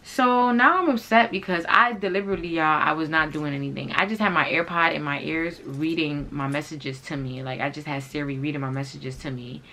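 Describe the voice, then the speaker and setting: A young woman telling a story to her viewers in a casual, animated and profane way, full of slang. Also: low voice, a little hiss or hum. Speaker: vlogger.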